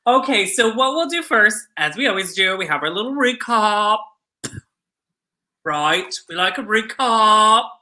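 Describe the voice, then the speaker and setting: A woman's voice: mid-range voice, lively intonation, measured pace, pauses often, bright, forceful tone. A woman co-hosting a live drag race recap show in casual chat, bubbly and gushing.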